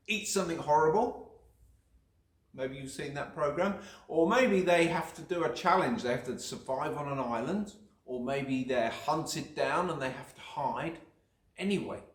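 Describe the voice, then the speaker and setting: A man gently telling children a Bible story, asking them questions along the way. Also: fairly high pitch. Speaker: church children's leader. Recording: echoey room.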